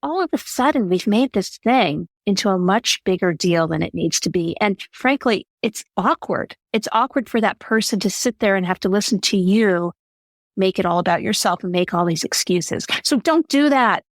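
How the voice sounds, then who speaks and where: Woman, podcast guest, mid-pitched, earnest and emphatic, dry close sound. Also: expressive, normal speed, no echo. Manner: earnest, emphatic advice-giving. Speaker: podcast guest, allyship speaker. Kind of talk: conversational interview answer.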